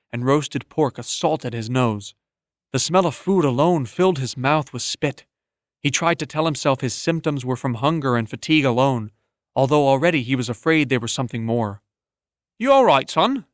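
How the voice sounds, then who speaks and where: A man narrating an audiobook in a steady, measured storytelling manner on a close studio mic. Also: mid-range voice, no echo. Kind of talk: scripted narration.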